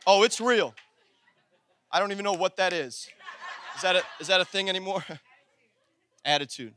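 Man, pastor, animated sermon, very high voice, dry close sound. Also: moderate pace, long pauses, no room sound. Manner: animated preaching, swings from shouted emphasis to low asides; talks to the congregation directly, conversational.

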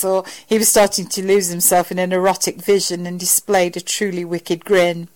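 A woman narrating a fan fiction story in an even, steady storytelling voice. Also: lowish voice, moderate pace, few pauses, poor audio. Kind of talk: audiobook narration.

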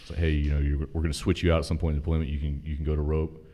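A former Army officer from North Carolina guests on a podcast, casually telling stories full of profanity in an animated way and acting out the dialogue. He speaks rapid-fire in a rumbling low voice.

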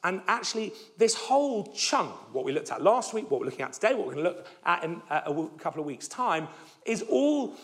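A male preacher with a high, lively voice that leaps up on key words and sinks to a near hush at the ends of phrases. He talks emphatically, stumbling and restarting as he drives his points home. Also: fairly quick. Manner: voice drops low and soft at phrase ends. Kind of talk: sermon.

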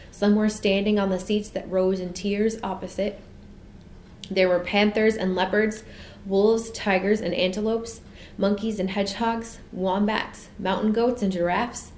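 A woman narrating a children's storybook in a measured, expressive reading, recorded in an echoey room. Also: medium pitch, a little hiss or hum. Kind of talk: storybook read-aloud.

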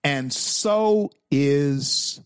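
A man's voice: a little high, expressive, drawn-out words, clear, resonant tone, no echo, clean studio sound. A man hosting a talk show, giving opinionated political commentary with emphatic repetition and stammered restarts. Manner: emphatic, repeats lines for effect.

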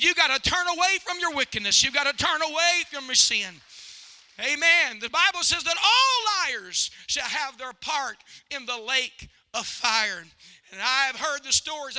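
A middle-aged male pastor preaching a sermon, telling stories and moving between loud exhortation and hushed, tender recollection. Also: very high-pitched.

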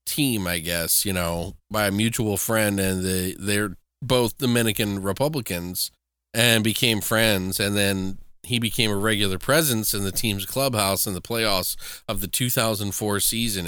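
A man co-hosting a movie-review podcast, talking in a casual, profane way. His voice is bright and clear, recorded close with no room sound. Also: fairly low pitch, measured pace, no echo. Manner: casual and profane, recapping plots with trivia. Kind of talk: casual chat.

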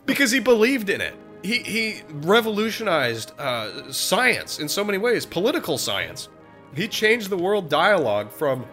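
A man's voice: a little high, moderate pace, soft background music. Sick man rambling on a podcast. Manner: rambling, laughing, animated. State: sick, hoarse voice. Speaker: podcast co-host. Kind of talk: casual podcast chat.

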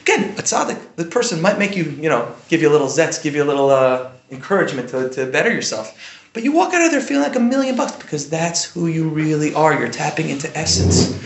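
A man's voice: on the high side, fast talker, gravelly, slight background noise. A man giving an informal Torah lesson in a conversational way, often checking in with "right?". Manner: conversational, often asks "right?", animated bursts. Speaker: Jewish teacher giving a class. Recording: echoey room.

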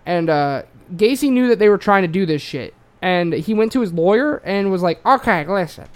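A man's voice: high-pitched, expressive, moderate pace, a little mellow, smooth. An Australian man telling a true-crime story in a loose, rambling way, full of swearing and fillers. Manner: rambling, profane, lots of fillers.

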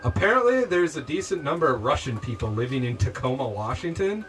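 A man's voice: mid-range voice, big pitch swings, fairly quick, a bit bright. A man hosting a podcast in loose casual chat, rambling with lots of "like" and laughing often. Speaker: podcast host. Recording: distant mic with music behind.

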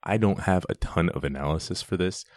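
A man's voice: sits low, fairly quick, no room sound, clean studio sound. A man giving a casual, enthusiastic commentary on a film scene, chatty and often restarting his sentences.

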